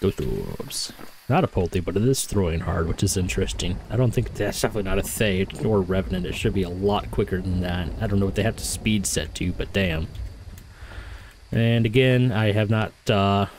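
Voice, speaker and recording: A man with a lowish voice talks casually through his gameplay, thinking out loud and correcting himself as he goes. Now and then he speaks straight to the ghost he is hunting. A faint hiss sits under the recording. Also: a little fast, rough recording. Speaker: gaming streamer.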